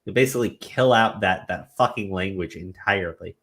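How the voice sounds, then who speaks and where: A man hosting a casual podcast, rambling and animated, swearing freely. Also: low voice, brisk. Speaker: podcast host.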